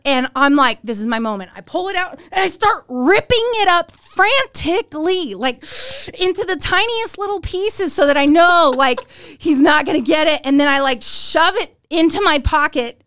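A middle-aged woman hosting a podcast and telling a story, animated and giggly, acting out the lines she quotes. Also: high-pitched, normal speed, dry recording, clean studio sound. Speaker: podcast host. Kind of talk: casual storytelling chat.

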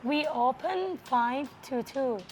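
A woman whose first language is Thai answers interview questions as a bar owner, playful in her non-native English. Her voice sits fairly high. Faint bar noise runs in the background. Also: slow.

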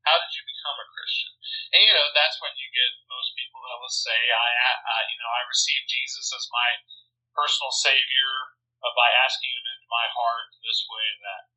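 A man with a very bright, slightly husky voice talks earnestly about church outreach, pausing often with fillers. The sound is a dull, lo-fi phone line. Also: mid-range voice, fairly even intonation. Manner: earnest, explanatory, many fillers. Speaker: church minister. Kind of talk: casual interview talk.

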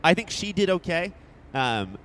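A man's voice: on the high side, sing-song, measured pace, fairly bright tone. A man riffs through a casual movie review chat, cracking jokes and swearing as he goes. He stumbles over restarts and keeps the talk loose. A faint hiss sits under his voice. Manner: jokey, swears freely, many restarts. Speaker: podcast co-host.

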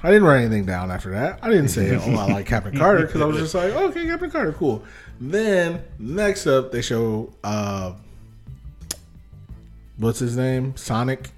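A man in casual podcast chat, telling a movie story in an excitable, animated way with swearing. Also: medium pitch, a little slow, faint music behind. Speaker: podcast co-host.

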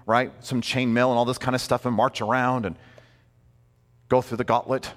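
Animated man preaching in an echoing hall. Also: mid-range voice, fairly quick. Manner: conversational and animated, with asides and rhetorical questions. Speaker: pastor. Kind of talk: sermon.

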